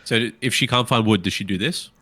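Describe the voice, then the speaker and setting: Deep-voiced, bright-toned man in his thirties, deadpan co-host. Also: fairly quick. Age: 30s. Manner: monotone, deadpan. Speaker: podcast co-host. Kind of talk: casual chat.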